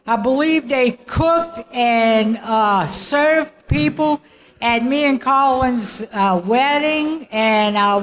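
A woman, a niece, sharing memories at a family memorial in a slow, halting way with many fillers. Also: a little high. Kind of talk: casual memorial speech.

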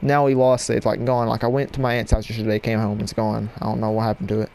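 A man giving live gameplay commentary at his computer desk at home, excitable and yelling at opponents in bursts, on a cheap mic with no windscreen. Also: mid-range voice, brisk, vocal fry, a little hiss or hum. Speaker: gaming channel host. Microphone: cheap headset mic without windscreen.

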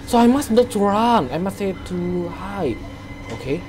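A man narrating his own horror gameplay in broken English, dropping to hushed muttering and then breaking into panicked shrieks. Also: high-pitched, big pitch swings, a little slow. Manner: non-native English with broken grammar. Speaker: gameplay streamer. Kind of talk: horror game commentary.

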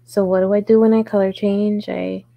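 A woman's voice: medium pitch, little pitch movement, moderate pace, gravelly, muffled recording. A woman hosting a live crochet tutorial, chatting casually with viewers, answering their comments and murmuring her stitch counts as she works. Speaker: crochet livestream host.

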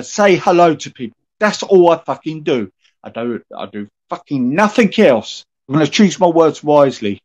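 A man livestreaming an angry, swearing rant at his critics, confrontational and aggrieved. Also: sits high. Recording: dull lo-fi stream audio.

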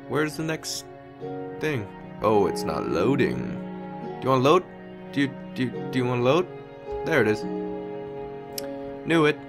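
A man's voice: medium pitch, animated, slow, long pauses. A young man in casual gameplay commentary, talking to himself, swearing, muttering and exclaiming. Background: game music.

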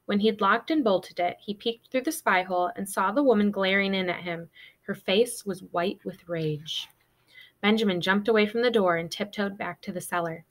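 A woman teacher reading a children's novel aloud to her students in a steady, expressive way. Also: mid-range voice, normal speed. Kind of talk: storybook read-aloud.

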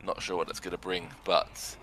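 A young man calls a video game match with sarcastic, excitable commentary. His voice is bright and forceful, sitting a little low. A faint noise hums behind him. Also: normal speed. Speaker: arena commentator.

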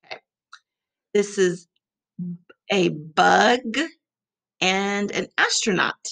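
A woman teacher leading a rhyming lesson for young children, encouraging them and repeating words slowly for them to echo. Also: medium pitch, vocal fry, a bit bright.

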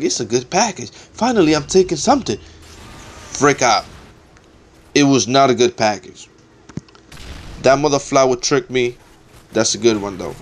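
A man's voice: medium pitch, slight background noise. A young man giving casual, trash-talking commentary over his own gameplay, swearing often and getting exasperated.

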